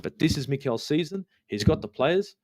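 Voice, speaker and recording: A man's voice: a little high, lively intonation, moderate pace, a little mellow. A man, ranting passionately about football on a live fan stream, swearing often and repeating his points for emphasis.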